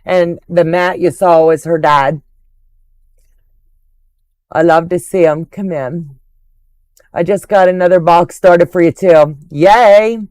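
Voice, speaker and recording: A woman's voice: fairly low pitch, steady tone, takes it slowly, pauses often, darkish tone, smooth, no echo. An older woman hosting a quilting livestream, chatting casually and gushing affectionately over viewers' comments.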